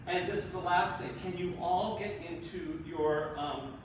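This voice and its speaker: A man giving encouraging, animated feedback to singers after their performance. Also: sits high, a little slow. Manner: encouraging, animated, laughs often. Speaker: performance adjudicator. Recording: echoey room, far from the mic, noisy.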